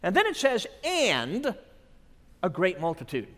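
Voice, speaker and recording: A man preaching a sermon at a conference, dramatic, dropping to a hush and then rising to shouts. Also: high voice, wildly swooping pitch, measured pace. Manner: dramatic, swings from hushed to shouting. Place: large conference hall. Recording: long reverb of a large hall.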